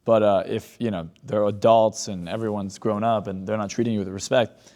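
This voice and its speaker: A man's voice: fairly low pitch, fairly even intonation, normal speed, darkish tone. A man, a hypnotist guest on a podcast, talking bluntly and confidently in casual conversation, acting out quoted exchanges as he tells stories. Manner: blunt, confident storyteller who acts out quoted dialogue.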